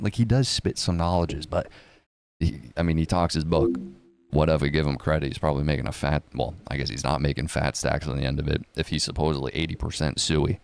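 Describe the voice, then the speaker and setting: Brief: very deep, gravelly male commentator, casual and sarcastic, salty language. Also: moderate pace, a little mellow, no echo. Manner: profane, sarcastic, mocks others in put-on voices. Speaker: crypto news commentator.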